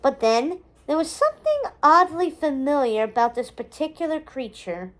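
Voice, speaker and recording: A woman reading a novel aloud in a measured, expressive storybook manner. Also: sits high.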